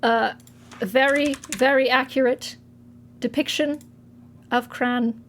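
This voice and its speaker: A woman's voice: sits high, steady tone, a bit bright, a little hiss or hum, exaggerated voice. A woman putting on a fake-British talk-show host. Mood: mock-formal. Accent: put-on British. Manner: mock-formal, giggly, halting. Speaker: streamer. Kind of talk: comedic bit on a livestream.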